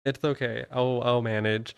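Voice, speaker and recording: A young man rambles through casual stream chat, cursing freely and trailing off. His voice is smooth and clear. The sound is dry and close. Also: medium pitch, steady tone, moderate pace, no echo. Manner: loose, rambling, swears casually. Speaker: streamer and VTuber host.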